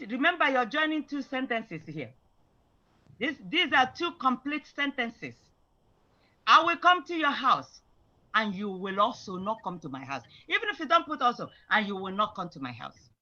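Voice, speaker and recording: A woman's voice: on the high side, sharp tone, lo-fi sound. A woman teaching an online Igbo class, patiently explaining grammar and mixing English with Igbo example phrases.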